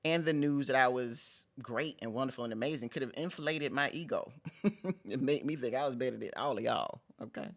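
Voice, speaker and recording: On his vlog, a middle-aged host delivers a motivational pep talk in a gravelly, creaky, medium-pitched voice at a fairly quick pace. He's conversational and emphatic, repeating phrases to drive them home and throwing in casual slang.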